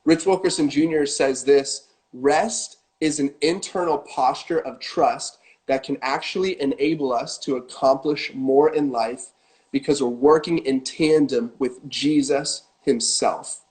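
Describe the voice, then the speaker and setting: A man giving earnest devotional teaching, slowing down on key phrases. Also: medium pitch, darkish tone.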